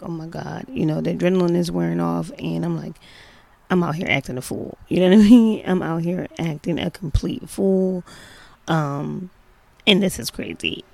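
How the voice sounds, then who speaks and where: Gravelly low-voiced woman telling a story. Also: darkish tone, no echo. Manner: chatty, many "you know" fillers, emphatic. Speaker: mother telling a personal story. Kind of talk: casual personal storytelling.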